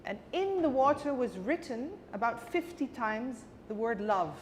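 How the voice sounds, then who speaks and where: A woman's voice: fairly high pitch, expressive, a little slow. A woman guest telling a personal story vividly and emotionally in a conversation, acting out the dialogue. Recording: long reverb with faint background noise.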